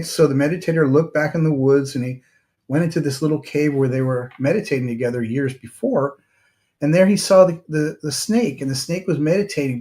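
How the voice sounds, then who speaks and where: A man's voice: on the high side, darkish tone. A man who is a therapist hosting a show, talking casually and telling a story, with lots of "you know" and "right?". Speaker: host and therapist.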